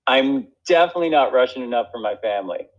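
An American actor, appearing as a guest, chats casually in a rambling, self-deprecating way, full of fillers and restarts. His voice is medium-pitched and fast with lively intonation, and the sound is lo-fi.

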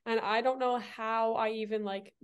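A young woman guesting on a casual podcast. Her voice sits a touch higher than most. She talks hesitantly, restarting her sentences and leaning on filler words. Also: steady tone, normal speed, clean tone.

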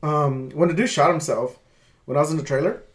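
A young man with a slightly high voice talks casually and recounts what happened to him. He hesitates often with "um" and "uh" and swears in an offhand, relaxed way. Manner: relaxed, profane, halting with "um" and "uh". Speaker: podcast co-host, pest control worker. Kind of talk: casual chat.

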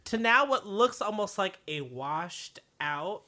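A woman's voice: medium pitch, animated, slow pace, sharp tone, no room sound. Woman, podcast co-host, casual chat, hesitant, thoughtful, dry sound. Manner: thoughtful, hesitant, searches for words.

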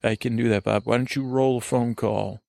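A man hosting a comedy podcast outdoors by a lake, joking and rambling in an excitable put-on voice. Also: medium pitch, moderate pace, gravelly, no room sound. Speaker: podcast host.

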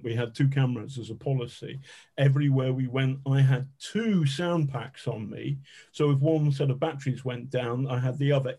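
A man's voice: mid-range voice, warm tone. Swearing, self-mocking male journalist. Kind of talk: conversational anecdote.

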